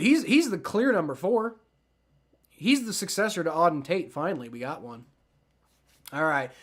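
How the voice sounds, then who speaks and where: Dude doing live game reaction, high voice that swings all over, rambles and asks chat stuff. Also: male voice. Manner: rambling, excitable, talks to chat. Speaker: livestream sports reaction host.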